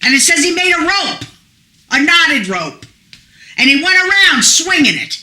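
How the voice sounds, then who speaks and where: A middle-aged woman preaching a fervent, emphatic sermon that rises to shouts. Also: extremely high pitch, big pitch swings, a little slow. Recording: echoey room.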